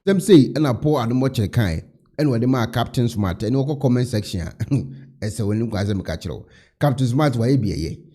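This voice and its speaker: A Ghanaian man with a husky, mellow voice whose pitch moves freely as he comments. He switches between Twi and English, and his delivery is opinionated and casual. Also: lively intonation, moderate pace. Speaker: vlog host.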